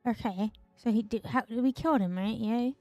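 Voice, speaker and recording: A woman's voice: on the high side, moderate pace, a little mellow, no echo, faint music behind. A woman streamer ranting in casual commentary, exasperated and sarcastic, swearing and piling up fillers.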